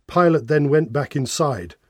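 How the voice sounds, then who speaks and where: A man's voice: fairly high pitch, expressive, a little slow, husky, no room sound, studio quality. Man reading a Bible passage aloud. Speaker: narrator.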